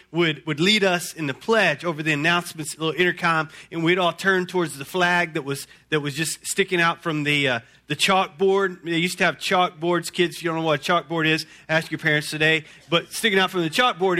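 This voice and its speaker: Preacher guy, pretty high voice, folksy, keeps repeating himself. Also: fairly quick, hardly any pauses. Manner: folksy, energetic, repeats words often. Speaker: pastor. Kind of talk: sermon.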